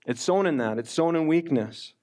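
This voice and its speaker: A middle-aged man gives a sermon in a relaxed, conversational manner. His voice sits a little higher than most men's, and he slows deliberately whenever he reads from the scripture. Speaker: pastor.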